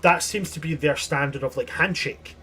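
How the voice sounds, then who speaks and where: A man's voice: on the high side, normal speed, sharp tone, a little hiss or hum. A man narrating a tabletop game as game master, descriptive and chatty with frequent restarts.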